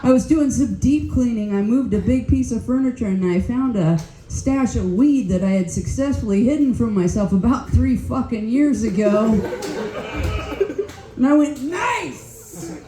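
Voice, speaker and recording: A woman's voice: on the high side, normal speed, mellow, slight background noise. An older woman doing a stand-up comedy set, telling blunt, profane stories on a club stage. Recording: roomy club echo.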